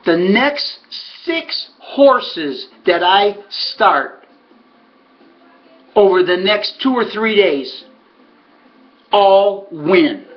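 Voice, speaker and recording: A man, a former harness racing trainer, telling a story and acting out other people's lines. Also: sits high. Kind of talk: storytelling monologue. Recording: muffled lo-fi recording.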